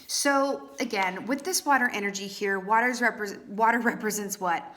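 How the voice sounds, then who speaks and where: A woman's voice: mid-range voice, moderate pace, pushed and bright. A woman giving a casual, playful tarot reading, chatty and full of "right?" asides. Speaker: tarot reader.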